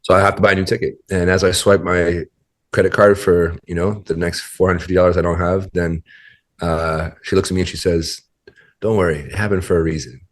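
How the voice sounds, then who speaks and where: A man's voice: low voice, flat delivery, a little fast. A man as a podcast guest, telling a story in a rambling, casual way full of fillers and restarts.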